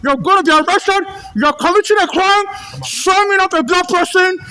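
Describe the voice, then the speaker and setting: High bright-voiced man shouting. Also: normal speed. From Nigeria. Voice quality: muffled through a face mask. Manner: repetitive, stammering, often shouting. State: agitated. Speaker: passenger filming a confrontation. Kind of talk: agitated confrontation. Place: subway station, indoors. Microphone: handheld phone.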